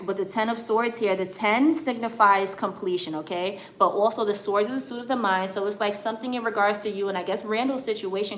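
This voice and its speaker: A woman's voice: mid-range voice, fairly bright tone. An American woman giving a tarot reading on a live stream. She reassures her viewers, calls them honey and sweetheart, and keeps checking in with "okay?". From United States. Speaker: tarot card reader. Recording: echoey room with faint background noise.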